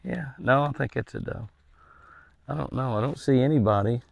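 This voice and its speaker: A man's voice: medium pitch, moderate pace, vocal fry, no echo, lo-fi sound. A man filming deer outdoors on his ranch with a handheld camera, chatting casually and coaxing the animals to come close. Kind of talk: casual outdoor vlog narration.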